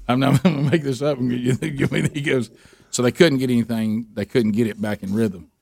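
A man's voice: mid-range voice, fairly even intonation, normal speed, gravelly, darkish tone, slightly rough, no room sound. A man telling a story on a radio show, rambling with many restarts and laughs. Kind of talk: casual on-air storytelling.

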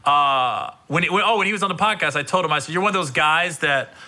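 A man's voice: fairly high pitch, fast. A man, a stand-up comedian, telling stories in casual chat with lots of swearing and laughter, acting out what others said. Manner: animated storytelling, swears, laughs often, voices others. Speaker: stand-up comedian, podcast host.

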